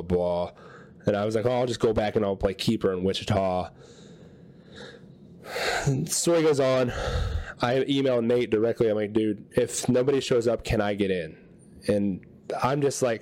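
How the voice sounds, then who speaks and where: A man co-hosting a podcast, telling a long story in casual chat and acting out what people said. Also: on the low side. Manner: animated storyteller acting out quotes. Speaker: podcast co-host.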